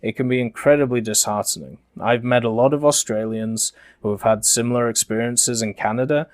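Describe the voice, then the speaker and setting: A young Englishman from Yorkshire with a neutralized, softened Yorkshire accent, talking slowly and deliberately with many fillers as a gaming commentator. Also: mid-range voice, fairly even intonation, dry recording, clean studio sound. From Yorkshire, England. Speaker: gaming YouTuber. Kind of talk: commentary over game footage.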